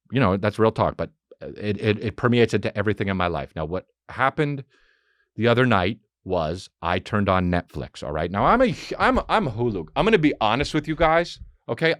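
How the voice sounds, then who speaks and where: Man podcast host, forties, lively swooping pitch, profane, excitable, dry close sound. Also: dry recording. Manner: profane, excitable, swings into high-pitched bursts. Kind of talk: rambling comedic monologue. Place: home studio with dog present.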